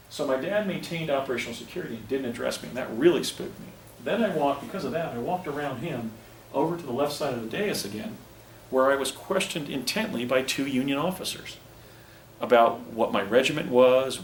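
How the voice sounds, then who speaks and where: Man lecturing from afar in an echoey hall. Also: mid-range voice. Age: 50s. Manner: rambling, with restarts and digressions. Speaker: presenter. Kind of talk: lecture presentation. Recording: echoey room, distant mic, faint noise.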